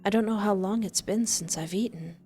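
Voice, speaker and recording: A woman reading a visual novel aloud in first person, expressive, with exasperated asides. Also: medium pitch, a little fast. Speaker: game player narrating.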